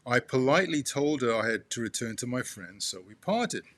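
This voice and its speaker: Man reading a memoir aloud, halting. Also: medium pitch, expressive, a bit bright, no echo. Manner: halting, restarts and talks to the listener as "you". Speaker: son reading aloud to his father.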